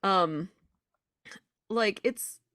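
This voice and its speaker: A woman's voice: medium pitch, very slow, sharp tone, no room sound, studio quality. A woman co-hosting a podcast in casual chat, encouraging and full of "like" and "you know". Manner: encouraging, peppered with "like", laughs along. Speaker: podcast co-host.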